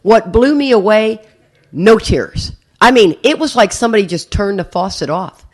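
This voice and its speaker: At a recovery meeting, a woman with a medium-pitched voice speaks at a normal speed, sharing a funny story from her own life. She's animated, laughs a lot, and acts out other people's voices.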